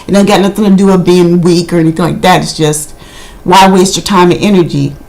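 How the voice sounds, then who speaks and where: A woman's voice: fairly low pitch, steady tone, fairly quick, vocal fry, a little mellow, low-quality recording. A woman casually recapping a reality TV episode, indignant and gossipy, with lots of "I mean". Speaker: video reviewer.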